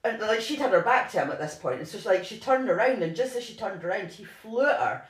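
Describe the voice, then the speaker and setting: A voice at a middling pitch, telling a true-crime story in a loose, chatty way. The telling rambles, with plenty of "like" and false starts. The recording has a noticeable echo from the room. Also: lively intonation, fast talker. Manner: rambling, lots of "like" and restarts. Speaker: podcast co-host. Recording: roomy echo.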